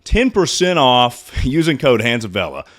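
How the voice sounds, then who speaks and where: A man in his twenties chatting casually to his livestream audience, out of breath, loud and excitable, swearing freely. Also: medium pitch, moderate pace. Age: 20s. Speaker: streamer.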